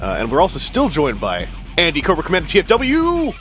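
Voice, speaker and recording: A man's voice: fairly high pitch, huge pitch swings, brisk, a bit bright, faint music behind. A man hosting a casual podcast chat, rambling and self-mocking with dry sarcasm. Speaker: podcast host.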